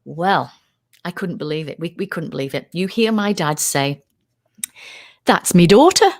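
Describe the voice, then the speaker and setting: A woman's voice: sits low, moderate pace. A middle-aged woman from the United Kingdom, telling a story in a casual interview and acting out quoted voices. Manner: animated, acts out quoted voices. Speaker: guest, UFO researcher.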